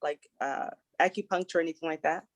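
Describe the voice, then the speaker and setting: A woman's voice: low voice, fast talker, dry recording. A woman chatting in a practice referral call, friendly and chatty with lots of fillers. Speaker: networking group member.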